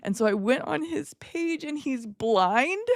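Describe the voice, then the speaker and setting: A woman content creator chatting on a live stream, telling stories with big swings in pitch and frequent laughs. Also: animated, a little slow, no echo, clean studio sound. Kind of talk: casual live-stream chat.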